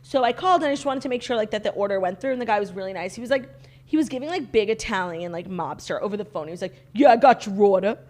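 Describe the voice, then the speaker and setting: A woman's voice: medium pitch, lively intonation, racing. A young woman co-hosting a podcast, telling a story in casual chat with giggles. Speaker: podcast co-host.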